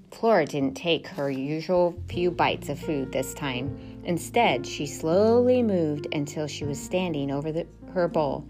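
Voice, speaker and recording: A woman narrating a children's storybook aloud in an expressive, steady manner. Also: deep voice, measured pace, hardly any pauses. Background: music.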